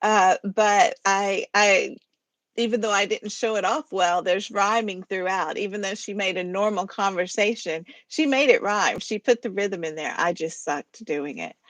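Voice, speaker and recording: A woman's voice: medium pitch, a little slow, no room sound. A woman with a mid-range voice hosts a poetry reading and chats about the pieces she has just read. She sounds chatty and amused, with little giggly asides. Her voice is close and dry, with no room sound. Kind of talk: casual chat about poems.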